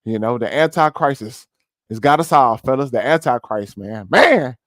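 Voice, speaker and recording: A man's voice: mid-range voice, lively intonation, moderate pace, a bit bright, no room sound, clean studio sound, voice pushed down, lightly acted. A man doing a smug, drawling churchman. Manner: lazy, conspiratorial drawl. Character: smug male churchman laughing at the world.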